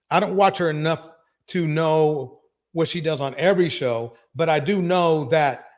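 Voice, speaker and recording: A man hosting a live reaction stream. He talks with emphasis, repeats his phrases and breaks into loud bursts of agreement. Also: fairly high pitch. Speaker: livestream reaction host.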